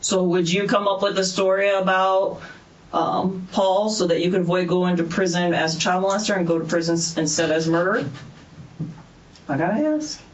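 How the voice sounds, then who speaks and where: A man's voice: high-pitched, little pitch movement, normal speed, echoey room, low-quality recording. A man questioning a suspect, pressing him with probing questions and hesitant fillers. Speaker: police detective. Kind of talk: interrogation questioning.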